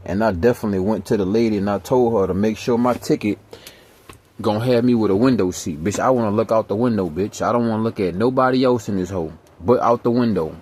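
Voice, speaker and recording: A man's voice: on the low side, quick pace, a little mellow, slight background noise. A man vlogger telling a rambling story in casual street slang, profane and emphatic.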